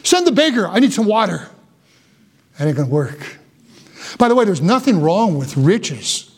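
A male pastor preaching a fervent sermon, sinking low and quiet for solemn warnings and rising when urging his hearers.

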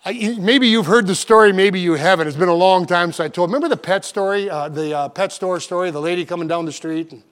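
A man's voice: sits high, fast talker, few pauses, fairly bright tone, clear, resonant tone. A man preaching a sermon in a church auditorium, folksy and earnest, after an opening prayer. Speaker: pastor.

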